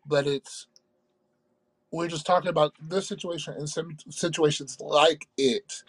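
A man co-hosting a casual podcast, talking in a measured, reflective way and often checking in with "right?". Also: on the high side, fairly even intonation, a bit bright, slightly rough. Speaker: podcast co-host. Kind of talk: casual chat.

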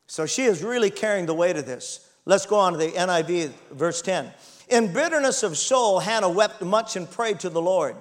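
A man's voice: high voice, lively intonation, moderate pace. A man in his sixties preaching a sermon, reading scripture dramatically and calling the congregation to respond. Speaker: pastor.

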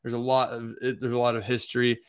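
Telling the story of a trip on a podcast, a young male co-host rambles casually with plenty of filler words, speaking quickly in a level, clean, middle-pitched voice. He sounds loose and talkative instead of polished.

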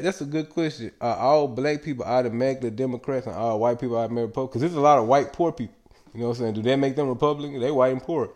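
A man talking in a loose, rambling solo monologue, swearing constantly and often breaking into laughter. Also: mid-range voice. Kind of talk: casual profane monologue.

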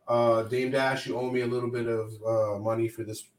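Male podcast host, mid-pitch, casual and profane, video-call audio with room echo. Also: little pitch movement, fairly quick, crowd noise. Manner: loose, profane, joking. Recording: roomy echo, faint noise.

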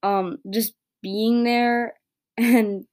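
A woman's voice: fairly high pitch, steady tone, drawn-out words, darkish tone, a little hiss or hum. A young woman hosting her own podcast, talking in a rambling casual monologue full of "like" and "right?", swearing freely and getting heated when frustrated. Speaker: podcast host.

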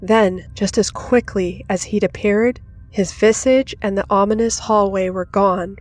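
Narrator: woman, dramatic scripted horror reading, faint music underneath. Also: mid-range voice. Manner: dramatic, rising to intense in action.

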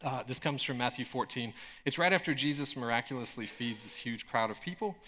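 A man preaching a sermon in a casual, conversational way, with frequent filler words and emphatic bursts of excitement. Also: medium pitch, fairly quick. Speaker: pastor.

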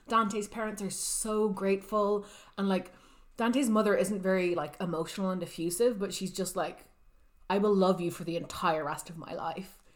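A woman in a relaxed book-discussion chat, walking through a story section by section. She retells what happens in a loose, conversational manner, slipping into the characters' quoted lines as she goes. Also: mid-range voice. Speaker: podcast co-host summarizing a book.

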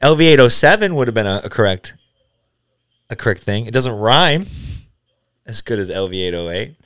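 A man's voice: mid-range voice, lively intonation, normal speed, a bit bright, smooth. A man co-hosting a casual podcast, swearing a lot and ranting in angry bursts. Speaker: podcast co-host.

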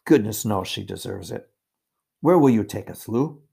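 A man's voice: fairly low pitch, expressive, normal speed, creaky, warm tone, slightly rough, exaggerated voice. A man reading aloud and voicing a confident eldest brother with hearty, old-fashioned schoolboy talk. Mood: earnest.

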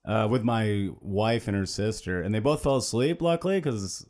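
A man's voice: fairly low pitch, moderate pace, darkish tone. A man from New York with a slight twang and a mumbly delivery, talking casually and profanely as a comic guest on a podcast. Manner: loose and profane, laughs often. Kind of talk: casual chat.

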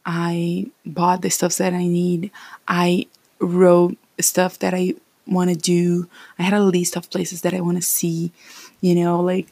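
A woman's voice: on the low side, monotone, slow pace, darkish tone, husky, no room sound. A woman in her thirties from Brazil with a Brazilian Portuguese accent, talking in a rambling, encouraging casual vlog.

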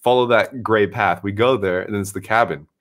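A man who streams, telling a story in casual chat, animated and swearing freely. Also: lowish voice, a little fast.

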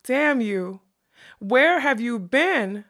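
A woman's voice: medium pitch, normal speed, vocal fry. Woman reading as a fierce, bitter ragged camp woman. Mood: furious. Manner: sharp, scolding and bitter. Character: fierce weathered middle-aged woman camp cook. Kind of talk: audiobook character reading.

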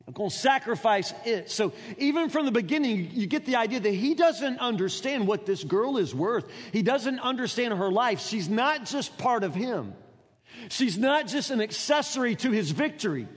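A male pastor delivering a sermon with a fairly high voice, earnest and stammering, with repeated words and frequent questions to the listeners. His voice carries a long reverb from a large hall. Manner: earnest, stammering repetitions, rhetorical questions to the congregation.

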